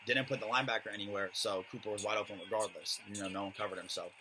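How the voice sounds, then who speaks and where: A man's voice: fairly low pitch, fairly even intonation, very fast, crowd noise, poor audio. A young man giving a casual, rambling voice-over commentary on his own match, with many fillers.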